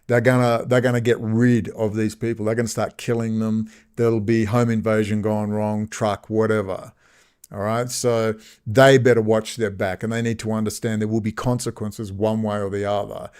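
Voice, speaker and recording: A man's voice: mid-range voice, darkish tone. A man giving a rambling, fired-up political monologue, mocking and heated by turns. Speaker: political commentator. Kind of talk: unscripted monologue.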